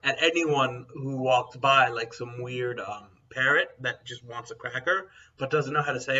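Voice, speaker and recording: A man's voice: medium pitch, unhurried, few pauses, sharp tone. A young man chatting casually as a co-host. He talks bluntly and rambles, full of fillers. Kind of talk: casual chat. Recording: dull, distant mic sound.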